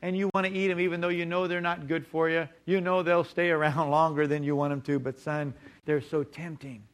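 A middle-aged man preaching a sermon emphatically, slowing down to stress key words. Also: on the high side, little pitch movement.

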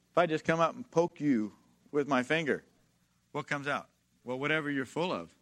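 Male preacher, high-pitched, emphatic sermon delivery with call-and-response and repeated phrases. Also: sharp tone. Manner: emphatic, repeats key phrases, slows to read scripture; calls for congregation responses.

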